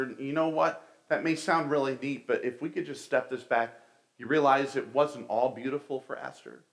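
A man's voice: medium pitch, fairly even intonation, normal speed. A middle-aged man giving a conversational sermon, telling stories and calling his listeners folks. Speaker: pastor.

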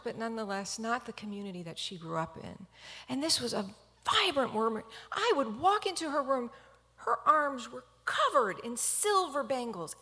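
A woman's voice: on the high side, vocal fry, pushed and bright, husky, long reverb tail. A woman physician telling a personal story in an earnest, reflective talk.

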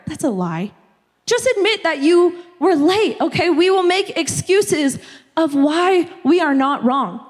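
A young woman preaches a sermon in a chatty, conversational way, often checking in with her listeners. Her voice sits very high, and a long church hall reverb lingers after her words. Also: sing-song, measured pace. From United States. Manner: conversational, repeatedly asking "okay?". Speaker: youth pastor.

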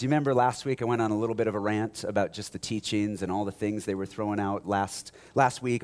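A male pastor preaching a sermon in a conversational, animated way, full of asides and humor. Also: on the low side.

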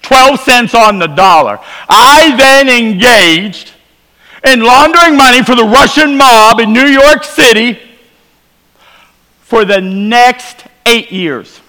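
Preacher, male, high and bright voice, storytelling testimony, long hall reverb. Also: animated, slow. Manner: storytelling, shifts between quiet low asides and emphatic rises. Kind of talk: revival sermon testimony. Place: church sanctuary.

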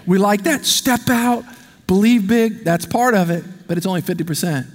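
A male pastor preaching a sermon in a large church. He is animated and conversational, and he calls out to the congregation for responses. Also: high voice, normal speed. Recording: long reverb of a big hall.

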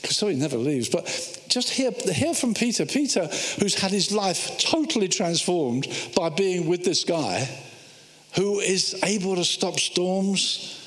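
Man, sermon, high voice, lively storytelling, acts out voices, echoey hall. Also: a little slow. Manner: animated storytelling, acting out biblical voices. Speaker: preacher.

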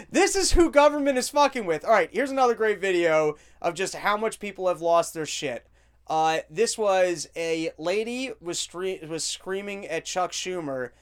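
A man's voice: sits high, a little slow, clear, resonant tone. A man hosting a podcast, commenting on video clips in a crude, joking, rambling way. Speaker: podcast host.

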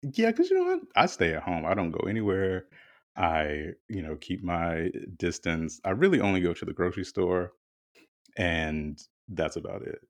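This is a man with a very low, deep voice, talking in a relaxed, candid way as a podcast co-host. He tells his story in loose, chatty conversation, dropping the occasional swear word. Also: normal speed. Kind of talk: casual chat.

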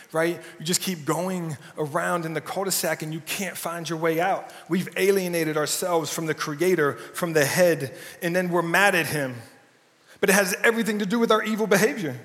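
Male pastor, casual and jokey, slightly high voice, long church reverb. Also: a bit bright. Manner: casual and jokey, often asks "right?". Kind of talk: conversational sermon. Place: church sanctuary.

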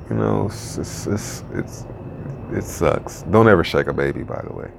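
A man's voice: low-pitched, normal speed, gravelly, noisy background. A man ranting casually in a vlog, rambling and frustrated, with many restarts. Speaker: crypto video creator.

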